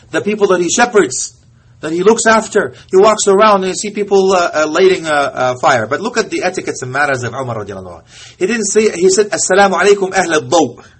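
A man preaching a storytelling sermon in a high, husky voice. He speaks with passion, often sinks to a near-hush, and mixes Arabic phrases into his English. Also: a little fast.

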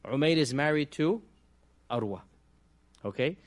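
A man teaching a religious class, explaining patiently and checking in with his listeners, often pausing on fillers. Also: fairly high pitch, lively intonation. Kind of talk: classroom lecture.

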